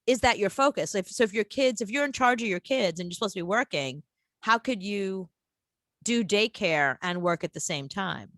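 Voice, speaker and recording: A woman's voice: mid-range voice, moderate pace, no echo. A woman co-hosting a casual radio talk show, telling stories expressively and laughing. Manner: expressive storyteller, laughing, acting out quotes.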